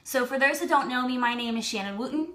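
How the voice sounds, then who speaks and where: A woman in her thirties, a lifestyle and fertility coach, telling a personal story to her viewers in an animated, chatty way with lots of "like". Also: sits high, fast talker.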